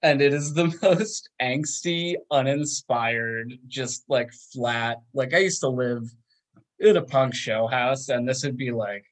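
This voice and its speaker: A man from Long Island casually recapping a film on a podcast, acting out the characters' lines. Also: slow pace. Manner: laid-back, chatty, acts out characters' lines with big jumps in pitch. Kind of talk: casual chat.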